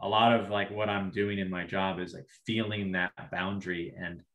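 Podcast guest, male, low register, halting and reflective, roomy echo. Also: little pitch movement, fairly bright tone. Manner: thoughtful, halting, restarts sentences. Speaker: social worker guest. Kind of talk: casual podcast conversation.

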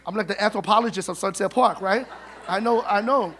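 A middle-aged man telling funny, animated stories at a memorial service, acting out the dialogue. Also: high-pitched, brisk, husky. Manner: humorous, animated, acts out dialogue. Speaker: son giving a eulogy. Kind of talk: storytelling eulogy at a memorial service.

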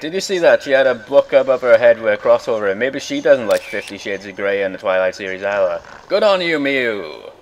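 A man's voice: lowish voice, lo-fi sound. A young man ranting in a rambling, exasperated way, swearing often while commenting on a game. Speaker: gaming video host. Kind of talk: casual rant over gameplay.

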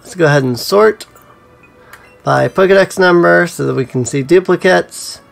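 A man's voice: sits high, normal speed, gravelly, soft background music. A man giving casual gameplay commentary as a let's play host, musing to himself with frequent ums.

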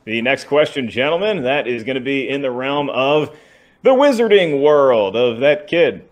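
A man co-hosting a trivia show, mixing question reading with teasing, wry banter. His voice sits at an ordinary pitch, and his delivery stays relaxed and joking. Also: normal speed. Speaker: co-host and question reader.

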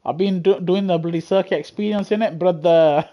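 A man with a high voice, giving excitable live commentary on a racing game, chatting with viewers and yelling as he gains places. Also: normal speed. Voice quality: high-pitched voice. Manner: excitable, yelling at the race, laughing often. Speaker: gaming streamer.

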